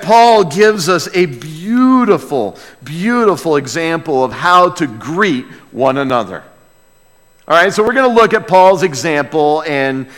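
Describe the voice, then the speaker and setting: A man's voice: on the high side, a bit bright. A man preaching a sermon to his congregation, conversational and humorous, often repeating words as he restarts. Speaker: pastor. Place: church sanctuary. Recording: long church hall reverb.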